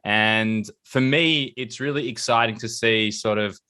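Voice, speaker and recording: A man's voice: on the low side, a little slow, sharp tone, smooth, dry recording, clean studio sound. A man with an Australian accent hosting a business podcast, chatty and upbeat, often calling his guest mate. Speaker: podcast host. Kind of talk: podcast interview. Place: lives in Israel.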